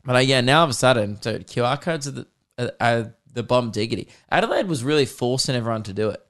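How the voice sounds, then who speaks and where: A man's voice: mid-range voice, expressive, fast talker, fairly bright tone. An Australian man in his twenties hosting a podcast, telling rambling, profane comic stories in a casual chat. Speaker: podcast host.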